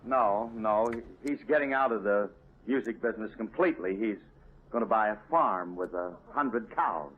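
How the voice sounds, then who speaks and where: A man's voice: fairly low pitch, moderate pace, phone-quality sound, close to an everyday voice. A man playing Phil, a folksy dim bandleader. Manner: folksy, self-pitying, ungrammatical. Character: boastful, dim-witted male bandleader. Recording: old radio broadcast with hiss.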